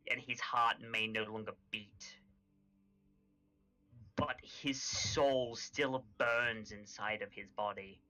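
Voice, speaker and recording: A man playing his character at a tabletop game, explaining slowly and deliberately with stumbling restarts. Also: medium pitch, sharp tone, poor audio. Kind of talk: in-character tabletop role-play.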